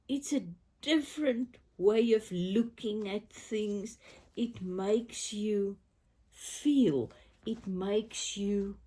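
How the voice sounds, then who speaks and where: A woman's voice: mid-range voice, slightly rough. South African woman chatting from bed with a cold. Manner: upbeat and affirming, drifts into soft whispers. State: recovering from a cold, coughing. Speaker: crafting vlogger. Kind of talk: casual chat to camera. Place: bedroom, in bed.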